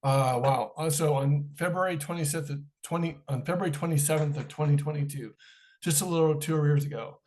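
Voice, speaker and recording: A man's voice: a little high, brisk, darkish tone, slight background noise. A middle-aged man, a podcast guest, telling a personal story in an interview and acting out the dialogue in it.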